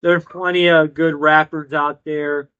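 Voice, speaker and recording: A man's voice: a little high, little pitch movement, a little slow, sharp tone, clean tone, no echo. A young man co-hosting a casual podcast, laid-back and often ending his lines with "you know". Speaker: podcast co-host. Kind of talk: casual chat. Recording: dull lo-fi sound.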